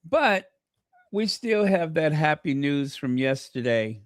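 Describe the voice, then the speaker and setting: A man's voice: a little high, very animated, takes it slowly, no room sound, studio quality. A man hosting a casual livestream, trading snarky gossip, thanking viewers and breaking into bits of song. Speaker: livestream host.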